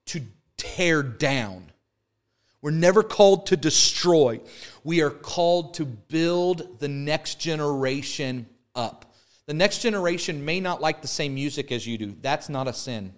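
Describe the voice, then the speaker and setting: A man's voice: a little high, animated, a little slow. A man preaching a sermon, building emphatic repeated lines and explaining an object lesson. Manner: preaching with rising emphatic repetition; holds up an arrow as a prop. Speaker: pastor.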